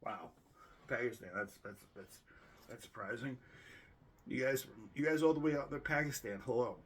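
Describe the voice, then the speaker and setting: A Boston man hosting his own channel rambles casually through his yearly viewer stats, joking and correcting himself as he goes. His voice is mid-range at a normal speed, with a little hiss or hum in the recording.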